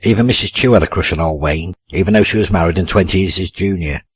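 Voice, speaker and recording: Low husky male audiobook narrator. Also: quick pace, no room sound. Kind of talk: scripted narration.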